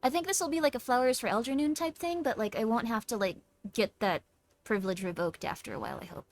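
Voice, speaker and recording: A woman hosting a live stream, chatting casually in a bubbly, excitable, playful way. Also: on the high side, fast. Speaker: streamer host.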